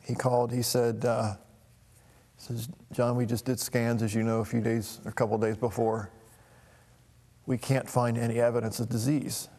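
A middle-aged man telling a personal family story in a halting, emotional way, with frequent restarts. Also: medium pitch, flat delivery, a little mellow, long reverb tail. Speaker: talk show host.

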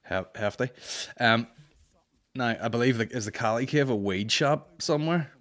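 A Northern Irish man hosting a comedy podcast, reading listener questions and telling stories in a blunt, sweary, animated way. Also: mid-range voice, normal speed, soft background music. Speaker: podcast host and stand-up comedian.

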